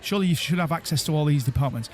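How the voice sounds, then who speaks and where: A man's voice: a little high, racing. A man telling a long story in a casual chat among friends, often repeating words and restarting. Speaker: podcast co-host.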